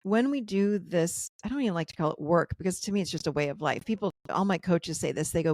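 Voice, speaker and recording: On a video call, a woman appears as a guest coach in a relaxed interview chat, animated and laughing often while acting out what her clients said. Her pitch is fairly low, she talks fast, and the recording is dry.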